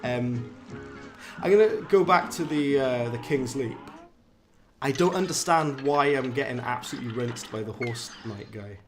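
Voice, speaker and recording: A man from South Wales with a Valleys accent, chatting casually on a live game stream, self-mocking and jumping up in pitch when frustrated. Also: normal speed. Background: game music.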